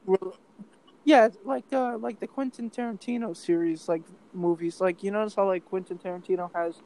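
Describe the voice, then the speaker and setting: A man's voice: high-pitched, moderate pace, a little mellow, rough recording. A man chatting casually on a podcast, rambling with many fillers and restarts. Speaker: podcast co-host. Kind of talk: casual chat.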